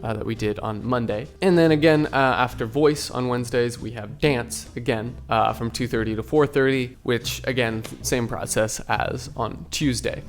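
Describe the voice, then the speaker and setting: A man's voice: mid-range voice, normal speed, hardly any pauses, soft background music. A young man from Seattle, an acting student, narrating his week in a chatty, upbeat vlog. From Seattle, USA.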